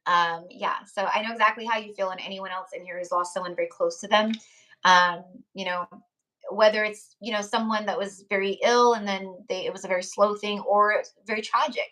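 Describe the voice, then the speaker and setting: A young woman chats on a live tarot stream in a loose, heartfelt ramble, her pitch sitting in a middle range for a woman. She piles on fillers, "you know"s and restarts as she talks straight to her viewers. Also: steady tone, a little fast, bright, forceful tone. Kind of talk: casual live-stream chat.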